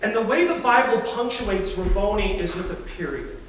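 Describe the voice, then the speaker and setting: A man delivers a sermon, animated and storytelling, now and then slipping into the voices of the people in the story. His voice sits high for a man. The sound is distant and washed in heavy church reverb, with faint room noise underneath. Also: normal speed. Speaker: pastor. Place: large church sanctuary. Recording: echoey church from far off.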